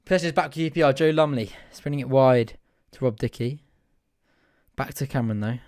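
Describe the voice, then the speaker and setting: A young man hosting a live fan watch-along, giving chatty, partisan play-by-play that bursts into excited shouting at chances. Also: medium pitch, fairly quick, dry recording, studio quality.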